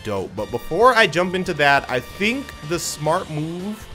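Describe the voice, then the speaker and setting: A young man talks through his gameplay in a fairly high, lively voice that jumps around as he jokes and uses slang. Game music plays clearly underneath. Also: a little slow. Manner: animated, joking, slangy. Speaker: gaming YouTuber. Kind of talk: casual gameplay commentary.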